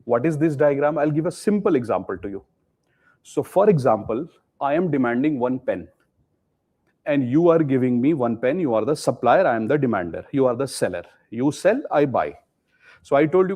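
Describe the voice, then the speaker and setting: A man's voice: medium pitch, expressive, normal speed, a little mellow. A middle-aged man with an Indian English accent giving a live economics lecture, acting out buyer and seller haggling and quizzing his students. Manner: explains with role-played haggling dialogues, asks the class questions. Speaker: teacher.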